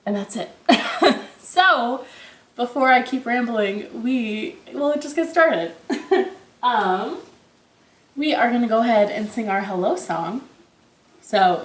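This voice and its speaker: A young woman hosting a children's storytime from her living room, chatty and cheerful, laughing at her own slips. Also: mid-range voice. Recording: echoey living room with ukulele.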